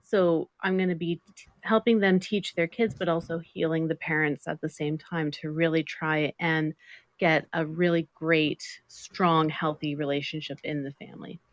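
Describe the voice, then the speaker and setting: Lively low-voiced woman guest. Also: normal speed, no room sound, muffled recording. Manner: animated storytelling, laughs a lot. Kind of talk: casual interview chat.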